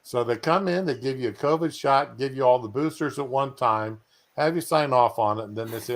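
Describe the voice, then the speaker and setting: A man hosts a casual stream at a middling pitch. He jokes and drawls and often trails off into fillers. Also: fairly quick. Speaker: stream host. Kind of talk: casual chat. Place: home, at bed.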